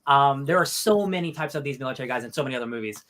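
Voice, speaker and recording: A podcast co-host talking quickly and excitedly about a film, full of fillers. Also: mid-range voice. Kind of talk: casual film discussion.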